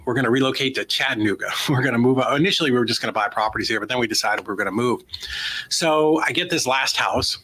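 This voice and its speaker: Bright-voiced man telling a lively story. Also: mid-range voice, low-quality recording. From United States. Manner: animated storyteller acting out quoted dialogue. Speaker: guest, real estate investor. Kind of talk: storytelling interview answer.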